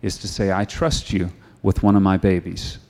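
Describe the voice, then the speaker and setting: A middle-aged man preaching a sermon. He tells stories in a conversational way and moves into quiet, earnest prayer. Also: low-pitched, flat delivery, moderate pace.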